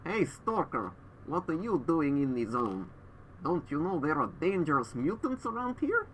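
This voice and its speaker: A man's voice: on the high side, big pitch swings, moderate pace, fairly bright tone, a little hiss or hum, voice pushed up. A man voicing a wasteland stalker in a fake Russian accent, muffled by a gas mask. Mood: warning. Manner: warning, game-character delivery. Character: gruff male wasteland stalker warning of mutants.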